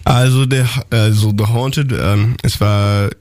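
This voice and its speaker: A young adult man, a band member on a radio interview, talking haltingly with many restarts as he hunts for words. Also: on the low side, fairly even intonation, darkish tone. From Australia. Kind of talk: radio interview in halting second-language German and English. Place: radio studio.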